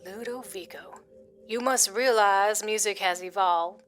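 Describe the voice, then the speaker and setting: A woman's voice: mid-range voice, a little slow, fairly bright tone, natural voice. A woman voicing a haughty old man with a Southern accent who guards a prized piano and lectures in a stern, refined way.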